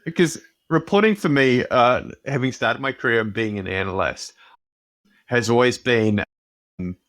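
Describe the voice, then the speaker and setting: A man co-hosting a casual business podcast, talking in animated runs that often restart mid-sentence. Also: mid-range voice, normal speed, no room sound. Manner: animated, self-interrupting storyteller. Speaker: podcast co-host. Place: home office on a video call.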